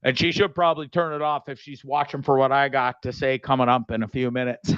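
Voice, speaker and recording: A man's voice: medium pitch, level tone, a little fast, fairly bright tone, clear, resonant tone, no echo. Dude hosting his show, swears a ton, jokey and all over the place, kinda muffled dry audio. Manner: rambling, profane, jokey, restless. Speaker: show host. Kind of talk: casual show monologue with sponsor reads.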